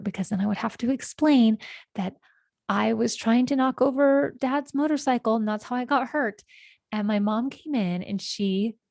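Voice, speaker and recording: A woman in her forties from California, the host of a podcast, telling childhood stories in a meandering, reflective way with gentle self-corrections. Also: medium pitch, gravelly, dry recording, studio quality. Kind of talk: reflective personal storytelling.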